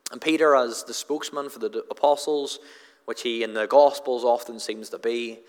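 A man's voice: mid-range voice, steady tone, normal speed. A man preaching an expository sermon in an earnest manner, often repeating words as he drives home a point. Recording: long hall reverb.

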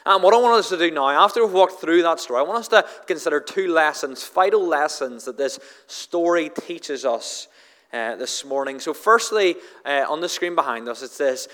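A male pastor delivers a sermon in a high voice that rings with long reverb through a church hall. He stumbles and repeats words as he starts his sentences. He pushes up for emphasis, then sinks low and slow. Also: lively intonation, a bit bright.

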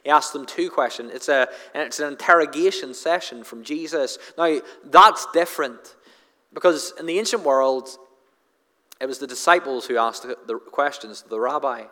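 A man's voice: medium pitch, moderate pace, sharp tone. A man preaching an expository sermon in an earnest manner, often repeating words as he drives home a point. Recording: long hall reverb.

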